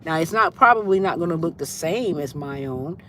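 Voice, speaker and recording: A woman's voice: low voice, animated, a little fast, fairly bright tone, a little hiss or hum. A woman hosting a casual spiritual livestream, talking loosely and greeting her viewers by name as she goes. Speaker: livestream host.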